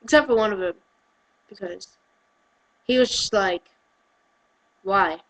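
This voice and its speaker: A woman's voice: mid-range voice, moderate pace, low-quality recording. A teenage girl with an English accent, rambling chattily in a vlog, giggling and drifting off topic. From England. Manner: chatty, giggly and off-topic, acting out quotes in lively voices. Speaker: vlogger. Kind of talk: rambling casual vlog rant.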